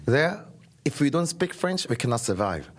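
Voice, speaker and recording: Korean man in his thirties, lively pitch. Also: normal speed. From South Korea. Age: 30s. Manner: careful, searching for words. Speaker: podcast guest. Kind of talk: casual podcast conversation.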